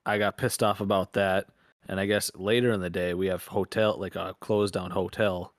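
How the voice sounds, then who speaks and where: Young guy, lowish voice, dry close mic, swears a lot telling rambling stories on a podcast. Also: level tone, normal speed, dry recording. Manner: crude, rambling storyteller, swears often. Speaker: podcast co-host. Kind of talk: casual chat.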